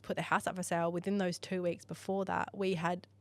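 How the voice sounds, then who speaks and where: Chatty Australian woman, low and dry. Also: brisk, no echo. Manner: chatty, animated, acts out dialogue, laughs often. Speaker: podcast guest. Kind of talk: casual storytelling in a podcast interview.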